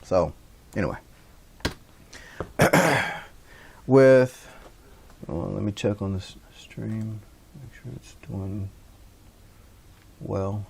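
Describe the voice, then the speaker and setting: Low-voiced man lecturing loosely. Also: very slow, vocal fry, long pauses, slight background noise. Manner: loose and rambling, many fillers and restarts. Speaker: instructor. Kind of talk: casual classroom lecture. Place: livestreamed class.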